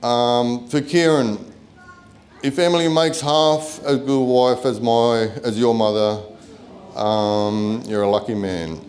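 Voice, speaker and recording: A man's voice: mid-range voice, steady tone, takes it slowly, a little mellow. A middle-aged Australian man, the groom's father, giving a chatty, self-deprecating wedding speech at a reception.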